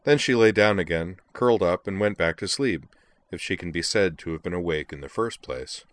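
A man with a very low voice narrates a story aloud. His reading is steady and even, line by line, with a deep, grounded tone. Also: normal speed, no echo.

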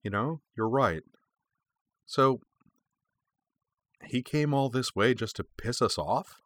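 A man's voice: mid-range voice, lively intonation, takes it slowly, fairly bright tone, no room sound, voice pushed up. A man voicing a brash, hot-tempered woman. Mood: wry. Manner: blunt, smirking.

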